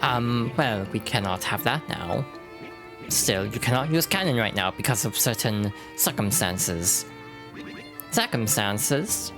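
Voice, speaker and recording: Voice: mid-range voice, big pitch swings, slow pace, music in the background. Streamer as a stubborn bomb-creature official, curt, clipped broken English; game voice.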